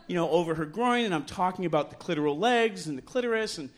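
A middle-aged man with a fairly high voice tells a bawdy story live in a bar. He mocks himself and is animated, leaping up in pitch for the voices he quotes. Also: quick pace. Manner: animated, self-mocking, acts out quotes with loud jumps in pitch. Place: bar stage before a live audience.

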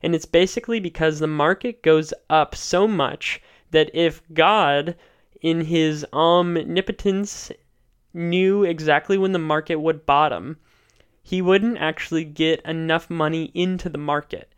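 A man talks through a solo podcast recap in a measured, explanatory way. His voice is smooth and clear, sitting slightly higher than a typical male voice. He sounds keen on the guests he describes. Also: fairly even intonation. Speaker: podcast host.

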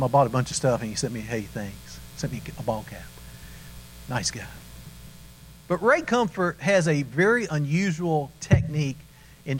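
A middle-aged man preaching a sermon, telling stories with animated acted-out voices. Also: on the high side, low-quality recording. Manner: animated storytelling, acts out voices.

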